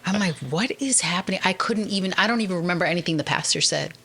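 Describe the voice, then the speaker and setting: A woman guest on a podcast, sharing her personal faith testimony as a lively storyteller who acts out the people she quotes. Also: fairly low pitch, racing, creaky, slight background noise.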